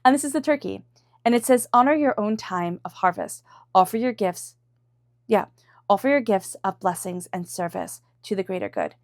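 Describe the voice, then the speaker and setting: Woman, tarot reader, casual spoken reading, soft repeated invocations, dry close sound. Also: medium pitch, dry recording. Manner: chatty, repeats soft invocations while drawing cards.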